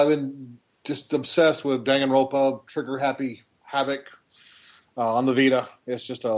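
Brief: man, podcast panelist, mid pitch, casual and enthusiastic. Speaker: podcast co-host. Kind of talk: casual gaming podcast chat.

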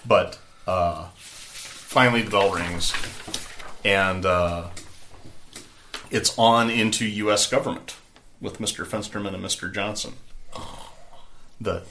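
A man's voice: sits low, fairly even intonation, slow pace, pauses often, pushed and bright, slight background noise. A man narrating a tabletop game as game master, rambling and conversational, with many fillers.

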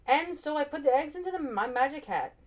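Woman putting on a storybook magician, greedy, bumbling, blustering, high. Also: lively intonation, a little fast. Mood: flustered.

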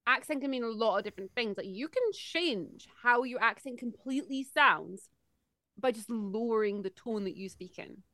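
A woman's voice: fairly high pitch, moderate pace, sharp tone, no echo. A woman co-hosting a podcast, eagerly explaining from her own experience in a casual chat. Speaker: podcast co-host.

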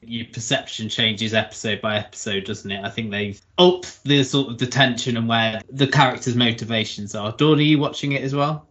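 A man's voice: medium pitch, moderate pace, hardly any pauses, fairly bright tone, highs cut off. A man hosting a podcast, steering the conversation with questions to his guests. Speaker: podcast host. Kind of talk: casual chat.

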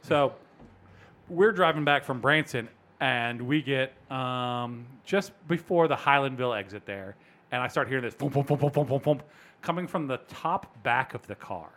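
Guy hosting a podcast, tells stories real animated, does the other people's lines. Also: medium pitch, moderate pace. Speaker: podcast host. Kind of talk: casual chat.

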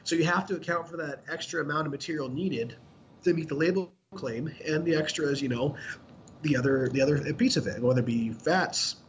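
A man's voice: a little high, fairly quick. A man co-hosting a podcast in casual chat, explaining bluntly with lots of profanity. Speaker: podcast co-host. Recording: dull lo-fi sound with faint noise.

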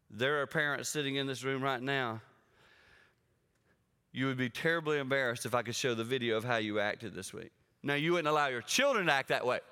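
A male guest preacher with a drawl, telling stories animatedly and talking straight to the congregation. His voice is bright and smooth, a little higher than most men's. The sound carries a long reverb from a large church auditorium. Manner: animated storytelling, addresses the congregation directly. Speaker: guest speaker. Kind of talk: sermon.

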